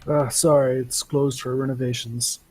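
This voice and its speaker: A man's voice: mid-range voice, flat delivery, moderate pace, a little mellow, a little hiss or hum, close to an everyday voice. A man playing a curt library guard. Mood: dismissive. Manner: curt, dismissive.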